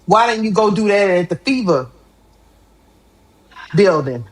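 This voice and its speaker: A middle-aged woman co-hosts a live sports talk stream. She speaks at a middle pitch. She is animated and exclamatory, and she laughs often between her points. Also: a little slow, low-quality recording. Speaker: sports talk show host.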